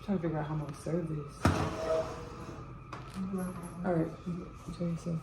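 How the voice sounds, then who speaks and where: A woman's voice: deep voice, little pitch movement, normal speed, very noisy. A woman chatting casually to viewers while she cooks in her home kitchen, playful and a little tired. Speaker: home cook vlogger. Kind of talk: casual cooking vlog chat.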